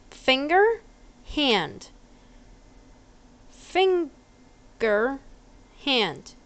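A woman's voice: on the high side, fairly bright tone, smooth. A woman giving chatty, giggly, self-deprecating commentary as she plays a computer game at home. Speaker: gaming video creator.

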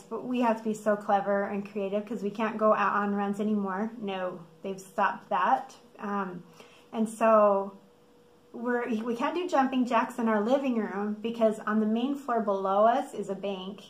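A middle-aged American woman telling a story casually for a vlog, lively, laughing often and acting out quotes. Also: medium pitch, moderate pace. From United States. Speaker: vlogger. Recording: echoey room.

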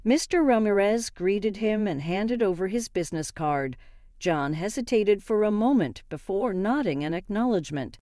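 An older woman reading a dramatic family story aloud in a steady, even manner. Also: mid-range voice, moderate pace, no room sound, studio quality. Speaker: narrator. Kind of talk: scripted story narration.

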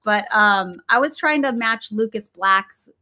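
A woman's voice: mid-range voice, a little slow, background noise. A middle-aged woman talking casually as an interview guest, chatty, with frequent fillers, restarts and laughs. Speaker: guest actress and producer.

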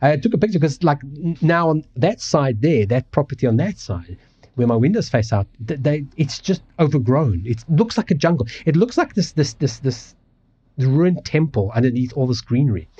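A man rants casually on his livestream, rambling, restarting and cursing freely. His voice is husky and mellow, with a pitch that swings a lot. The audio is dull and lo-fi, as if streamed from home. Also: expressive, moderate pace. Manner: rambling, swearing, many restarts. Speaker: livestream host. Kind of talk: casual ranting chat. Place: home apartment.

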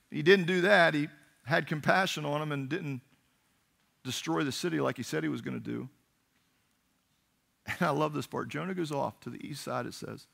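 Gravelly-voiced pastor preaching. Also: male voice, on the high side. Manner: animated storytelling, acting out voices of biblical characters. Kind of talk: sermon. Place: church.

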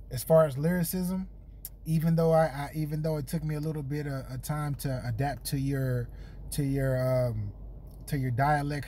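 A man's voice: on the high side, a little mellow, slight background noise. A man hosting a rap battle, giving laid-back feedback with plenty of hesitations and fillers. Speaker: battle host and judge. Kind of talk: casual chat.

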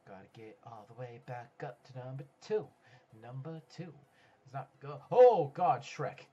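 Excitable man giving game commentary. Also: mid-range voice, a little slow, highs cut off. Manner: excitable, swings from mutters to yells; swears and talks to other players. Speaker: gaming YouTuber. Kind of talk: let's play commentary. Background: faint background music.

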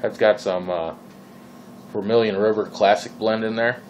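A man's voice: lowish voice, fairly even intonation, moderate pace, darkish tone, a little hiss or hum, rough recording. A man from Minnesota with a Minnesotan accent, rambling casually in his vlog, full of fillers and exasperated questions. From Minnesota, USA. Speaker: vlogger. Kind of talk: casual vaping vlog rant.

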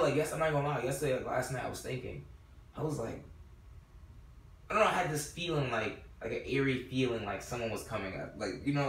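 A Brooklyn man co-hosting a podcast chats casually in a loose, slangy style, saying "like" constantly. His mid-range voice is a bit bright, picked up by a distant mic in a roomy space with faint noise.

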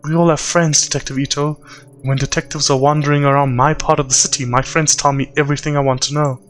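A man's voice: a little high, flat delivery, fast, fairly bright tone, faint music behind, natural voice. A man putting on a cold Russian-accented crime boss woman. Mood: cool menace. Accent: put-on Russian accent. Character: cold female yakuza boss, composed and menacing.

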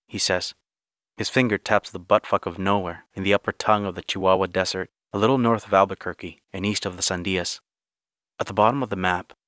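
A man narrates a short story in the first person with a wry, gritty edge. His voice sits low and the recording is close and dry, with no room sound. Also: fairly bright tone, no room sound.

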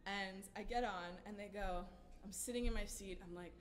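A woman singer-songwriter at a small hotel-room showcase, telling an animated, dramatic story to the audience between songs and laughing at herself. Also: medium pitch, normal speed. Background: guitar playing.

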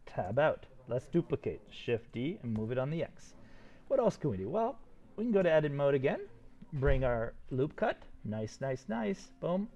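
Excited older man teaching 3D modeling. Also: medium pitch, highs cut off. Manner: excited, encouraging, talks fast while demonstrating. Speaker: 3D modeling instructor. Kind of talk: live software tutorial.

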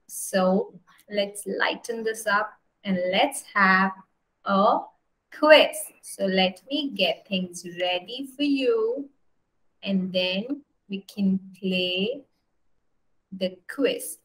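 A woman teacher from India tells a story in an English lesson, animated, with many "right?" checks to her pupils. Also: mid-range voice, drawn-out words, low-quality recording. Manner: animated, asks "right?" again and again.

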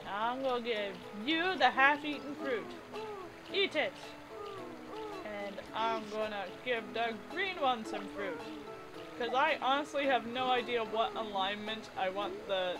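A woman with a high voice talks at an unhurried pace, giggling and cooing at the characters in her game. Her commentary is chatty and excitable. Game music plays clearly behind her. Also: low-quality recording. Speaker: gaming video creator. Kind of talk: let's play commentary.

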